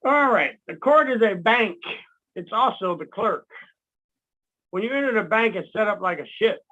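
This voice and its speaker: A man teaching in casual talk, animated, acting out quotes and laughing at his own jokes. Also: sits high, moderate pace. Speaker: guest speaker. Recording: dull lo-fi sound.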